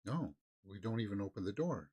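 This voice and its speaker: A man's voice: fairly low pitch, animated, a little fast, warm tone, breathy edge, dull audio. A man hosting a reaction video, musing aloud in casual commentary and talking to his viewers.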